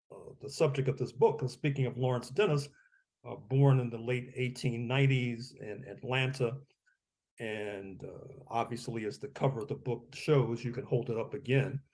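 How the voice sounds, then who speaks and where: Man, guest author, discursive interview talk, chuckles often, repeated restarts, average pitch. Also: darkish tone. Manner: chuckles between phrases, repeats words as he restarts.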